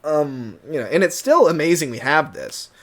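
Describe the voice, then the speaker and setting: A man's voice: fairly high pitch, expressive, moderate pace, a bit bright. Rambling man giving casual commentary. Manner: rambling, many restarts, nervous laughs. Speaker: cartoon fan commentator.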